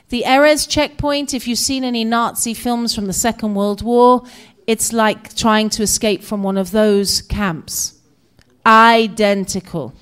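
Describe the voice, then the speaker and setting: Animated British woman telling a story. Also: fairly high pitch, clear, resonant tone. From Britain. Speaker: guest speaker. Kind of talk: personal storytelling talk. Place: community center hall.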